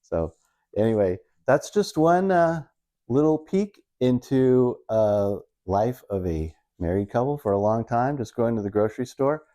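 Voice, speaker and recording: A man's voice: mid-range voice, expressive, a little slow, dark tone. A middle-aged man doing casual stand-up storytelling, rambling and self-mocking as he retells everyday married life. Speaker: stand-up comedian.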